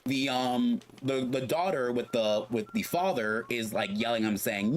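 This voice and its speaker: Barely pausing, a man streams a game and spins a long story stuffed with "like" and other fillers, voicing each character himself. His medium-pitched voice moves at a moderate pace, and a faint hiss or hum runs underneath.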